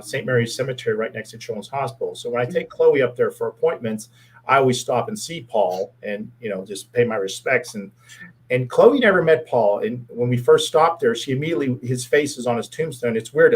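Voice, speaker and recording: Man, middle-aged, husky, mid-pitched, earnest storyteller, repeats himself. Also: expressive, fairly quick, rough recording. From Pittsburgh area, US. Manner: earnest, heartfelt, repeats words. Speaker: guest, former police officer and advocate. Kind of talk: storytelling in a casual interview.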